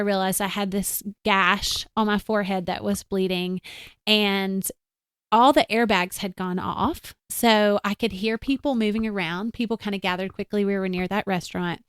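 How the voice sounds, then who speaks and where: A woman's voice: mid-range voice, fairly even intonation, moderate pace, fairly bright tone, smooth, dry recording, studio quality. A woman guest in an interview, telling a personal story in an earnest, reflective way, with casual fillers.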